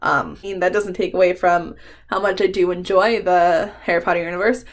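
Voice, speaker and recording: A woman's voice: fairly low pitch, fairly even intonation, brisk. A woman doing a casual book tag vlog, chatty and emotional, swearing freely and laughing between remarks. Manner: emotional, fond rambling with frequent ums. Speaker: book vlogger.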